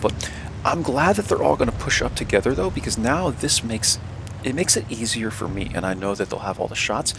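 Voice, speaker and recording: Gravelly-voiced gamer giving gameplay commentary. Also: male voice, mid-range voice, animated, brisk, background noise. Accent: American. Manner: casual, repeats words, many fillers. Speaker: gaming video creator.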